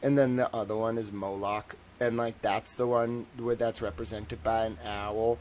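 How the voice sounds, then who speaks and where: A man's voice: fairly low pitch, little pitch movement, moderate pace, a little mellow, a little hiss or hum. A man hosting a livestream, rambling and joking casually, with lots of filler words. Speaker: livestream host.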